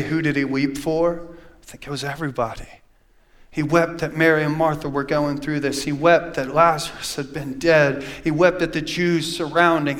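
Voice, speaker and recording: A male pastor preaching a sermon in church, reading scripture aloud and swinging from loud preaching to hushed, quiet passages. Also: on the high side.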